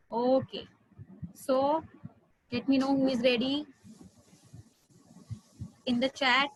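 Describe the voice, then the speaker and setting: A woman's voice: high-pitched, flat delivery, takes it slowly, long pauses, husky, no echo, low-quality recording. A woman teaching an online class, patiently repeating drills and coaxing her students.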